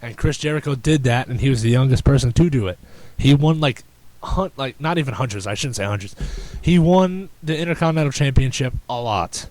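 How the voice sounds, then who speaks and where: A man hosting a podcast in casual chat, rambling and excitable with frequent restarts. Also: medium pitch, brisk, dry recording, low-quality recording. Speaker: podcast host.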